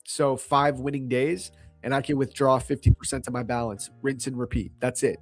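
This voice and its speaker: A man's voice: mid-range voice, fairly even intonation, normal speed, no room sound, faint music behind. A young man from New York hosting a casual livestream, laid-back and slangy, joking and reading chat aloud. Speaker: livestream trading host.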